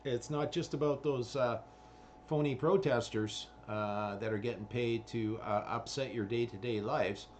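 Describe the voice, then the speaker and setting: A man's voice: mid-range voice, fairly even intonation, a little slow, a little hiss or hum. A man, ranting in a rambling commentary full of swearing and fillers. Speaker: vlogger.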